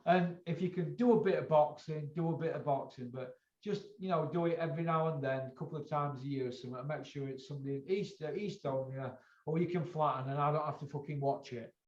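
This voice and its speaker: A man's voice: fairly high pitch, fairly quick. A man hosting a boxing chat show, blunt and lecturing, swearing freely. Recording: echoey, dull lo-fi room sound.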